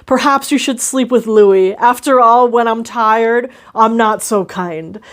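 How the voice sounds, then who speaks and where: A woman's voice: a little high, a little slow, close to an everyday voice. A woman voicing a smug, scheming male vampire aristocrat with a French accent, drawling and mocking.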